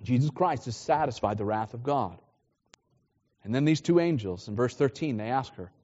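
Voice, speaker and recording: A pastor preaching a sermon, explaining a Bible passage in a loose, conversational way with frequent restarts. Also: male voice, medium pitch, lively intonation, normal speed, warm tone, big-room sound, muffled recording. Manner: conversational preaching, repeats words when restarting.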